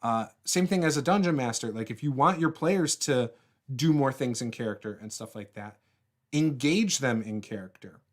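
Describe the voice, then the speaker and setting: A man's voice: mid-range voice, expressive, moderate pace. A man hosting a casual tabletop RPG livestream, rambling and laughing often, with many fillers and restarts as he answers viewer comments.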